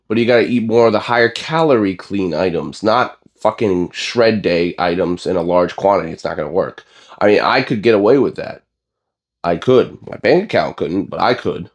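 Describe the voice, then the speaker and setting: A young man with a low voice gives a casual gym vlog rant. He is blunt and profane and wanders through fillers and restarts. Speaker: bodybuilding vlogger.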